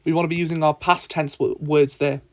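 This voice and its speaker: A man's voice: fairly high pitch, flat delivery, fairly quick, a little mellow, a little hiss or hum. A man tutoring in a casual screen-recorded lesson, thinking aloud with frequent ums.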